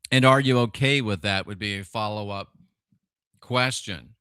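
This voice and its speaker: A middle-aged man hosts a live stream, discussing religious questions with viewers and posing rhetorical questions along the way. His mid-range voice is bright, forceful and smooth, captured in a clean studio with no echo.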